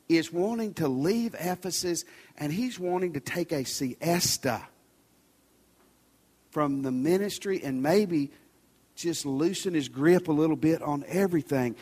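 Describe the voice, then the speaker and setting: A man preaching a sermon as a pastor in a large church, talking to the congregation in a conversational way and at times dropping his urgent pleas to a soft near-whisper. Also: high voice. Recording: reverberant large church hall.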